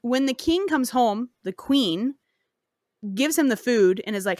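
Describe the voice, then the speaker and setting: A woman's voice: fairly high pitch, expressive, normal speed, no echo, clean studio sound. A woman podcast host casually retelling a folk tale, cursing and joking as she goes. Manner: profane, slangy and joking.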